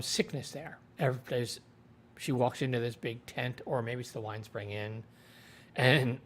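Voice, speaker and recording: A man hosting a livestream, casually retelling a TV episode in a rambling way and quoting the characters. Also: mid-range voice. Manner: rambling retelling with quoted voices. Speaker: show reviewer.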